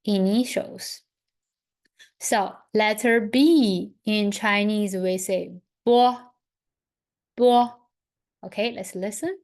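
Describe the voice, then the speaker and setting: A woman teaching an online lesson, leading slow, patient pronunciation drills and repeating each sound. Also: medium pitch. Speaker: language teacher.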